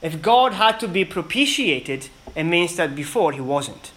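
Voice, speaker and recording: A man preaching a sermon in an earnest, emphatic way, with dramatic pauses between phrases. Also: a little high, sing-song, a bit bright, rough recording.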